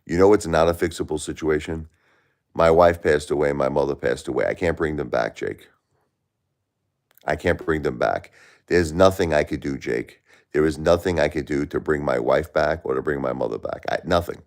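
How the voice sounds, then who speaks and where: Gravelly, very deep-voiced man. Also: moderate pace. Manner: blunt, repetitive, preachy advice. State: close to tears. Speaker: livestream host. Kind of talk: emotional live-stream talk to a caller.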